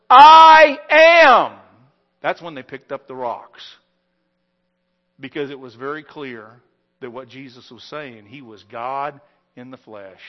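A high-voiced pastor preaches an emphatic sermon, pushing some phrases out loud and slow and dropping others low and quiet. The loudness swings widely and the stressed phrases come slowly. The sound is dull and lo-fi, like a plain church recording.

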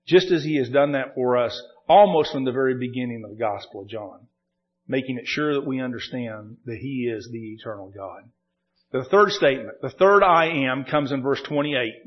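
A man preaching a sermon, teaching verse by verse and slowing down to lift up the quoted lines. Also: mid-range voice, lo-fi sound. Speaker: pastor.

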